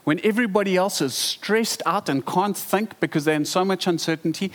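A man preaching a sermon, emphatic and animated, with rhetorical questions to the congregation. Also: high voice, normal speed, hardly any pauses, big-room sound. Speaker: pastor.

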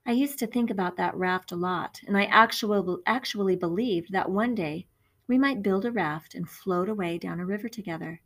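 A woman reading a first-person audiobook in a gentle, reflective storytelling manner. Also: mid-range voice. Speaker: audiobook narrator.

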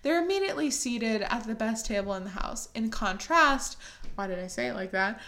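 A woman's voice: a little high, animated, quick pace, gravelly. Chatty young woman recapping a movie. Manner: chatty, fillers like "like" and "um", laughs often. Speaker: podcast co-host. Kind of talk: casual chat recapping a movie.

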